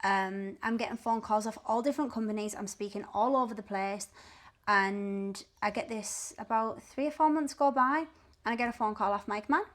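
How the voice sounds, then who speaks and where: A woman's voice: mid-range voice, moderate pace. Blunt, sweary woman. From Teesside, England. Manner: blunt and swearing, animated retelling. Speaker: podcast guest. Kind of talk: candid storytelling.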